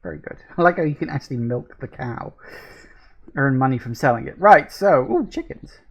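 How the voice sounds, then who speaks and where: A woman hosting a gaming video, giving casual let's-play commentary, easily excited, quick to laugh and swear, and reading game prompts aloud. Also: a bass voice, breathy edge, lo-fi sound.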